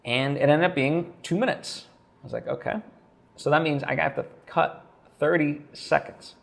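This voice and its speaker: A man's voice: on the high side, steady tone, normal speed, creaky, a bit bright. A man talking straight to camera in a casual vlog, thinking aloud with lots of fillers and restarts. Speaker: vlogger.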